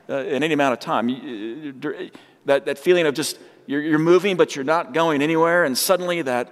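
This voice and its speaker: A man preaching a sermon, telling stories and acting out the voices of the people in them. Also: mid-range voice. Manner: storytelling, acts out quoted voices. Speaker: pastor. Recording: long hall reverb.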